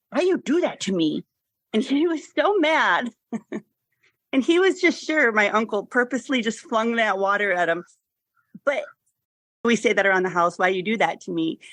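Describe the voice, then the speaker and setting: A woman's voice: mid-range voice, fairly bright tone, no echo. A woman in a recovery group telling a personal story with a casual tone and laughing at herself. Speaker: recovery meeting member. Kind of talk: casual sharing. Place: online meeting.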